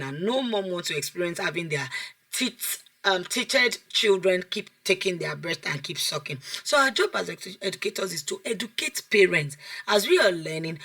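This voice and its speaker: A woman, a child development coach giving an online class lecture over a video call, animated, asking the class questions and repeating phrases for emphasis. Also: on the low side.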